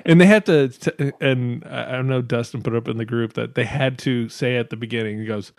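A man in his thirties tells stories in casual podcast chat. He swears freely, laughs a lot and gets worked up as he goes. His voice sits at a middle pitch, and the recording is dry and close. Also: a little fast, creaky, no echo. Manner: profane, animated storytelling with frequent laughs.

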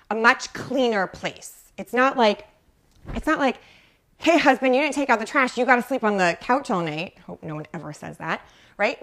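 In a mid-range voice that sounds pushed and bright, a woman coaches mothers on her live show. She's talkative, greets viewers by name, leans heavily on "like," and keeps checking in with "right?"

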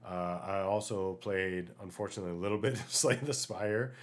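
A man hosting a solo podcast, chatting casually and ranting in an animated way, with many fillers, while getting over an illness. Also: sits low, moderate pace. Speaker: podcast host.

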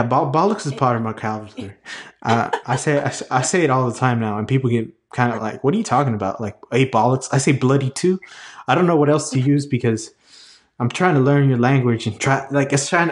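A man's voice: medium pitch, a little fast. A man chatting casually as a podcast host, rambling with lots of fillers and restarts. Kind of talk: casual chat.

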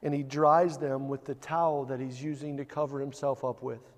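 A man's voice: mid-range voice, little pitch movement, moderate pace, big-room sound. A man preaching a sermon as a pastor, telling the story vividly and building to emphatic points.

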